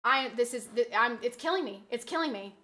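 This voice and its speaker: A woman live streamer chatting casually, exasperated and rambling, often bursting into loud yelling. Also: a little high, lively intonation, fairly quick.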